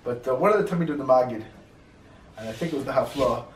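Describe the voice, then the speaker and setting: Fast-talking man telling stories in an echoey room. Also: medium pitch, a little hiss or hum. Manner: animated, acts out quoted voices in his stories. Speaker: rabbi teaching a class. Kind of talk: casual storytelling lecture. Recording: echoey room, mic at a distance, faint ambience.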